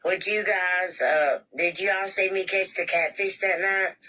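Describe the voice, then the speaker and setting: Man, live stream chat, bright tone, unhurried delivery, colloquial, thanks viewers. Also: high voice, steady tone, rough recording. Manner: reads out and thanks viewer comments; plain-spoken, colloquial grammar. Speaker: livestreamer.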